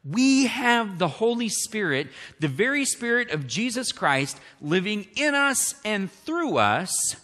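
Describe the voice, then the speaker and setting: A man preaches a sermon in a high, bright, forceful voice that swings widely in pitch. He keeps asking the congregation questions. A long hall reverb trails behind him. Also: big pitch swings, slow pace, hardly any pauses. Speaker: pastor.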